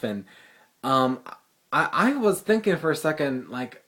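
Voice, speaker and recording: A man's voice: on the high side, moderate pace. A teenage boy telling a story as a casual rant, exasperated and profane. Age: teens. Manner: exasperated, profane, lively retelling. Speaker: vlogger, high school student.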